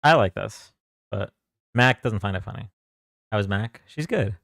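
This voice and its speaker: A man's voice: lowish voice, normal speed, creaky, a bit bright, no echo, studio quality. A young man hosting a live stream from home, chatting casually and greeting viewers by name in a loose, joking way. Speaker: livestream host.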